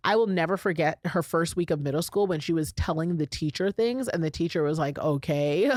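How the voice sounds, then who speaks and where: Speaking to her listeners in a chatty, emphatic way, this middle-aged podcast host keeps her solo talk casual. She has a deep, somewhat dark voice and a fairly quick pace, captured in a studio-quality recording without room sound.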